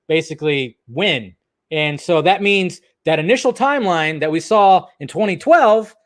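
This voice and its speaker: A man chatting casually about movies, rambling, restarting his sentences and swearing freely. His voice sits a little high for a man, and the recording is close and dry with no room sound. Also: no room sound. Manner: rambling, loose and profane, with many restarts. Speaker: movie news channel host. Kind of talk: casual video commentary.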